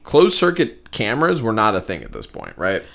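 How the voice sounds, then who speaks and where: A man's voice: on the low side, normal speed, creaky. A man co-hosting a podcast, chatting casually and telling stories with playful bits. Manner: animated storyteller, slips into bits and quoted voices. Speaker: podcast co-host. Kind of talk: casual chat.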